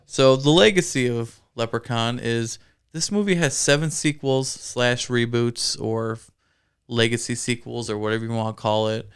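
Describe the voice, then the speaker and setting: A man's voice: medium pitch, moderate pace, clean tone. Chatty man reviewing a movie. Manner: chatty, laughs often. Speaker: podcast co-host. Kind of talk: casual movie review chat.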